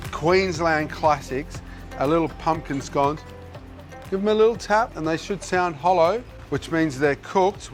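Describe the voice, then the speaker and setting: An Australian man hosting a cooking show, chatting in a friendly, jokey way as he works, on a lapel mic. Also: a little high. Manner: friendly, jokey, thinks aloud while working. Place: kitchen set.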